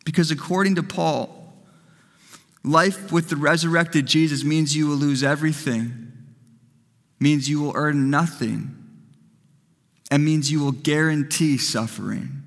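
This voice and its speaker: A man's voice: a little high, steady tone, unhurried, creaky, long pauses, long reverb tail. A man preaching a sermon as pastor, emphatic and fond of repeating phrases for effect.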